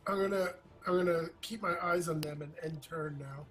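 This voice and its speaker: A man's voice: a little high, fairly even intonation, fairly quick, a bit bright, low-quality recording. Hesitant man, tabletop game player. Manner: hesitant, asks questions, with restarts. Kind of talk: casual chat during an online tabletop game.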